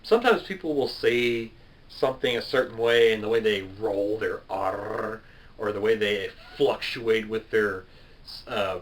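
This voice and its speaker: A man's voice: fairly low pitch, rough recording. A man in his twenties, a gaming video creator, answering viewer questions in a loose, rambling way and laughing at himself. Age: 20s. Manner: chatty, self-deprecating, laughs at himself and drifts off topic. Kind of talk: casual rambling Q&A to camera.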